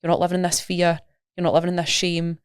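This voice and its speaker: A Scottish woman talks fast in a lowish register, explaining her coaching work with lively everyday examples. The sound is dry and close, with no room around it. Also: smooth, no room sound. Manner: chatty, rapid, animated explaining with examples. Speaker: nutrition coach, guest. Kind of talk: casual podcast interview.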